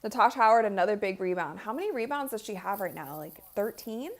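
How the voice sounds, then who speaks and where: A woman hosting a live game watch party, chatting with viewers and reacting out loud to each play. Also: mid-range voice, expressive, fast talker. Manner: talks to chat viewers. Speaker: livestream host.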